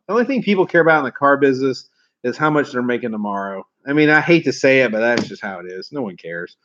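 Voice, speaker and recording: A man's voice: mid-range voice, animated, fast, fairly bright tone. Folksy man, rambling stories. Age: 40s. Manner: swearing, folksy, rambling storyteller. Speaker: car sales trainer. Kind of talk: storytelling to camera. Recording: dull lo-fi recording.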